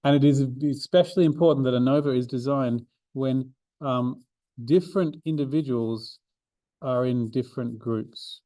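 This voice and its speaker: Sketching notes under an overhead camera in a room, a man coordinating a maths learning centre lays out a revision seminar step by step. His warm voice is medium-pitched at normal speed, with fillers, restarts and no room sound.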